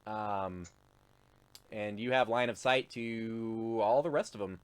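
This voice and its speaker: A man's voice: on the low side, slow pace, clear, resonant tone. A man narrating as game master of a tabletop game in a laid-back, chuckling manner with many fillers. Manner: laid-back, laughs often, lots of fillers.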